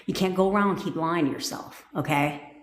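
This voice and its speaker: A woman's voice: on the low side, fairly quick. A woman manifestation coach giving a blunt, profanity-laced pep talk on a live stream. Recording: echoey room.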